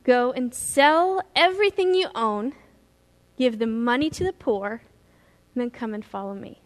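A woman voicing a calm, tender male teacher who speaks softly and without hurry. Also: in a large hall. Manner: soft, low, unhurried.

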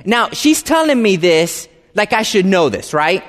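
High-voiced man telling a story in a hall. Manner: animated, halting, repeats words at the start of phrases. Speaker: speaker addressing an audience. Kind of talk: storytelling talk. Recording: reverberant hall.

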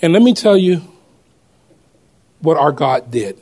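A man telling a personal testimony story to a congregation in an animated way, often laughing as he goes. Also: fairly high pitch, a little slow, husky.

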